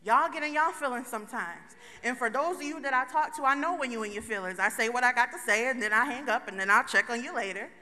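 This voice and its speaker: A woman speaks from a stage in a big conference hall. Her voice is high and bright. She talks to the crowd directly in a loose, joking way, and the long reverb of the hall trails after her words. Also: fast talker, few pauses. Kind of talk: motivational talk to a live audience.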